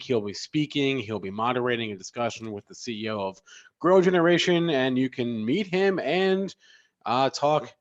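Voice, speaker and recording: A man running a live trading show, moving briskly from one segment to the next. His sound is dry and a bit dull, lacking high end. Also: no echo. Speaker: host.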